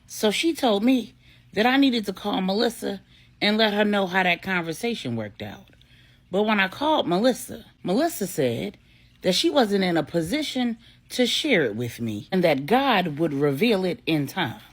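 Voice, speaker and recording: A woman voicing a calm, deliberate grown man, a devoted father, in a storybook reading. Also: medium pitch. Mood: resolved.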